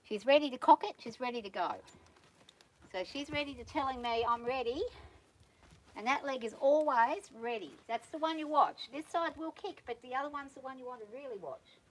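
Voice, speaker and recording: On a farm outdoors, a woman works with a horse, her fairly quick, high-sitting voice calm and patient. She coaxes the animal with soft praise and plainly explains each step to viewers in hands-on training commentary.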